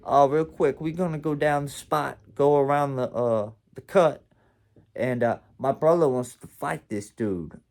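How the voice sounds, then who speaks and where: A man voicing a brash young male street dealer with a Baltimore accent, in a fast, raised, clipped voice. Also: medium pitch, gravelly, darkish tone, pitched above the performer's own voice. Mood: offhand.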